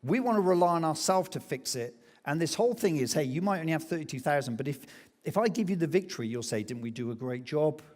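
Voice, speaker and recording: A male pastor delivers an animated sermon and often slips into quoted voices as he tells the story. His voice sits a little high for a man. It rings out with a long reverb from the church hall. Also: fast talker, few pauses. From England.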